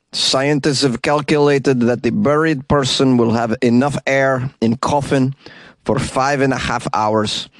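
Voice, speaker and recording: A man putting on an exaggerated mock Russian accent to voice a formal company spokesman, speaking slowly and deliberately. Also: mid-range voice, no room sound, close to an everyday voice.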